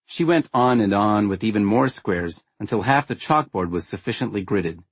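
A man tells a first-person story in a wry, understated manner. His voice sits on the low side with a husky grain. The recording is close and dry. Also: normal speed, no echo. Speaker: audiobook narrator.

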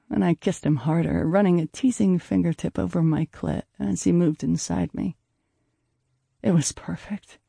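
Husky, gravelly male audiobook narrator. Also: a little high, warm tone, no echo, clean studio sound. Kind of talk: first-person audiobook narration.

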